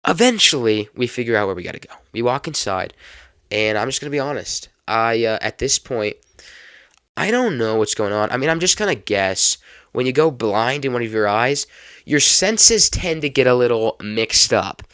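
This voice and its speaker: A young adult man hosting a podcast, telling a personal story in a lively, casual way and laughing now and then. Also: medium pitch, normal speed, smooth, no room sound, studio quality. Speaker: podcast host.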